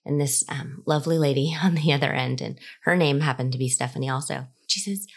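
Low-pitched middle-aged woman, animated storyteller who acts out the voices she quotes. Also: brisk, creaky, hardly any pauses. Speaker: cookbook author. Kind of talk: personal storytelling.

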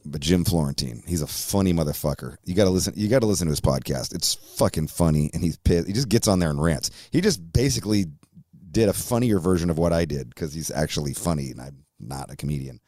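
A man's voice: deep voice, expressive, fast, mellow, dry recording. A man hosting a podcast, ranting in an angry, profane way, recorded on a close studio mic. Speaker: host.

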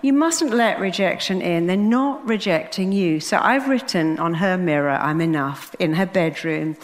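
A woman's voice: on the low side, normal speed. Woman telling stories in a hall. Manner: animated, acts out quoted dialogue. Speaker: therapist giving a talk. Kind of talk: storytelling motivational talk. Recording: long hall reverb.

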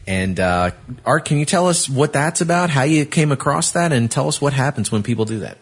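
A man hosting an interview, speaking haltingly with many fillers and affirming the guest often. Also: mid-range voice, animated, breathy edge. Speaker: podcast host.

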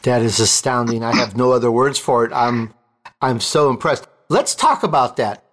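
A male host interviewing a guest in an enthusiastic, joking, excitable way. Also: mid-range voice, normal speed. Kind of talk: interview, casual chat.

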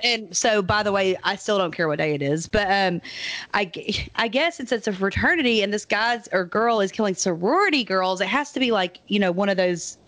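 A woman's voice: mid-range voice, animated, fairly quick, a bit bright, no room sound. Young woman co-host, casual rambling recap, dry close sound. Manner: rambling, laughing, mimics characters in goofy voices. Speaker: podcast co-host. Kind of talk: casual movie review chat.

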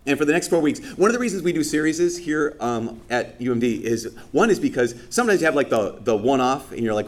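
A man's voice: medium pitch, animated, fast, few pauses. A man giving a conversational sermon as a priest during Mass. He talks casually with lots of fillers and acts out people's reactions.

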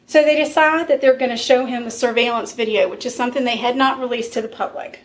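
A woman's voice: fairly high pitch, fast. Blunt woman telling a crime story. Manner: conversational, blunt, laughs often. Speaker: podcast host telling a true crime case. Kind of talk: casual storytelling.

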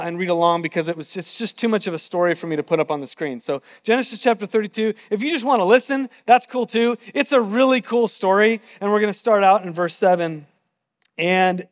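A man's voice: sits high, big-room sound. A man preaching a sermon, telling a story casually and with animation. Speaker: pastor.

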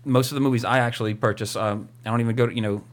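Very fast and medium in pitch, a man's voice keeps a fairly even intonation as he co-hosts a podcast. He chats casually and rambles, leaning on lots of fillers.

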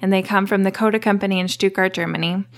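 A woman's voice: mid-range voice, steady tone, quick pace. A woman as a guest on an interview show, talking casually about her work. She explains things in detail, with some fillers along the way. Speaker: distillery guest.

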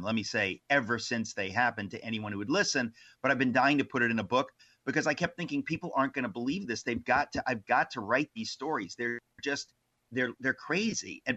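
A man guest on an interview show, telling stories from his life in a lively way with many restarts. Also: mid-range voice, muffled recording. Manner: animated, many restarts and asides. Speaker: author guest. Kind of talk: casual interview storytelling.

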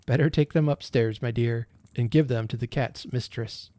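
Narrator as easygoing young husband, wry, slightly raised voice. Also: male voice, medium pitch, normal speed, mellow, dry recording, lightly acted. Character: calm young husband, dryly humorous.

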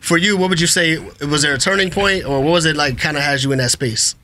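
A man's voice: a little high, fast talker, pushed and bright. A man hosting a podcast, a chatty and encouraging interviewer. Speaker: podcast host. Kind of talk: casual chat, interviewing.

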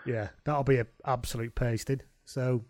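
A man's voice: medium pitch, fairly even intonation, normal speed, a little mellow, dry recording. A man co-hosting a casual sports chat, with dry, wry asides and casual swearing. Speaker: podcast co-host.

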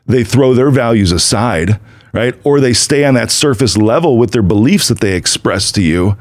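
A man's voice: mid-range voice, lively intonation, normal speed, dry recording. Emphatic man hosting a solo podcast. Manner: emphatic, repetitive, conversational with frequent "right?". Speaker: podcast host. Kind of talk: casual solo podcast monologue.

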